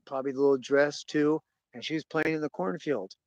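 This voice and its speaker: A man's voice: on the high side, fairly even intonation, a little fast, dry recording, lo-fi sound. A man hosting a casual monologue, rambling and cursing as he tells a story.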